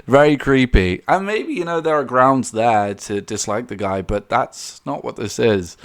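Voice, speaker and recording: Young man, casual vlog commentary, rambling, lively swooping pitch, mid voice. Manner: rambling, animated, laughs often, mocking quoted voices; many fillers and restarts. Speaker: commentary YouTuber.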